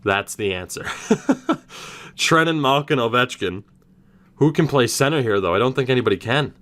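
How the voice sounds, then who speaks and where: A young man giving casual let's-play commentary, thinking aloud with animated reactions and the odd swear word. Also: medium pitch, a little fast. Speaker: gaming YouTuber.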